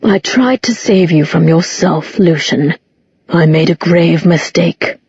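A woman's voice: fairly low pitch, slow, a little mellow, a little hiss or hum. A woman voicing a villainous father in an audiobook, languid but threatening. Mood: menacing. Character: cold, menacing adult man, a villainous father. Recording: dull, muffled recording.

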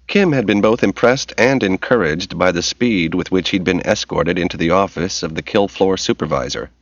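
A man narrating an audiobook in a steady, measured reading voice. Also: sits low, no echo. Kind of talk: scripted narration. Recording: dull lo-fi recording.

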